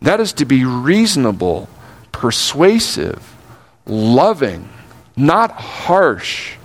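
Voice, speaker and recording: An older man delivers a sermon at a mid-range pitch. He is earnest, drawing out key words slowly and then rattling off quick asides between points. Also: huge pitch swings. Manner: earnest, shifts between slow emphatic phrasing and quick asides. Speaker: pastor.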